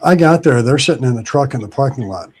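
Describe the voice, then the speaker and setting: A man's voice: mid-range voice, fast, breathy edge. A man casually telling an anecdote on a podcast, acting out the people in it as he goes. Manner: animated anecdote telling with acted quotes.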